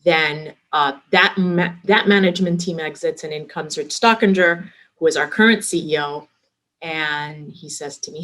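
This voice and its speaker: A middle-aged woman, a restaurant executive, telling lively work anecdotes in a casual interview and acting out the dialogue she quotes. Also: low voice, normal speed.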